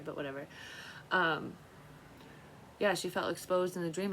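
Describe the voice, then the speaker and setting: A woman's voice: sits low, fairly bright tone, slight background noise, poor audio. A woman vlogging in a rambling, profane monologue, talking to herself and now and then dropping into a whisper. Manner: profane, scattered, talks to herself, drops into whispers. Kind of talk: rambling psychic vlog monologue.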